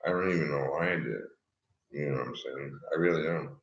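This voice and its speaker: Deep man rambling in an echoey room. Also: fast. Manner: disjointed, swearing, bursts into loud shouting. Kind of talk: rambling talk. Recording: echoey room, dull lo-fi sound.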